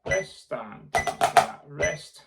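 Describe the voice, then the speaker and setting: Over loud background noise, loud music, and a snare drum playing, a drum tutor leads a lesson, counting out loud and vocalizing the rhythms. His voice is on the high side, expressive and slow, with vocal fry.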